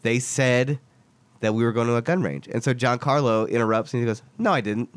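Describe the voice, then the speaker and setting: A young man from Texas telling a story in casual chat, animated and swearing as he acts out the voices of the people in it. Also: medium pitch, a little fast, smooth, no echo.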